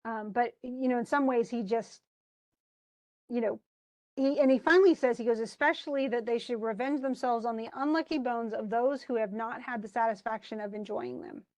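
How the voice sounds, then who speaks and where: A woman's voice: fairly high pitch, normal speed, a little mellow. A woman teaching a literature class, chatting about a play and reading lines aloud with frequent laughs. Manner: chatty, reads quotes aloud, laughs often.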